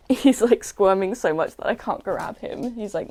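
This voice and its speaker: A woman's voice: medium pitch, measured pace, mellow, poor audio. A young woman with an English accent, chatting casually at home about her small clothing business while she packs orders, rambling and self-deprecating, with lots of fillers. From England. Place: at home, sitting on a squeaky chair. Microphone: new desk mic.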